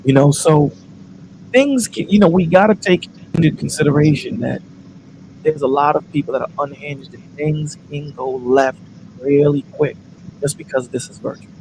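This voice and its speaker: A man's voice: fairly high pitch, normal speed, a little mellow, slight background noise. A man hosting a panel on his channel, talking in a casual, preachy way and often asking "you know what I'm saying". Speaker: channel host on a panel call. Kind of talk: casual chat.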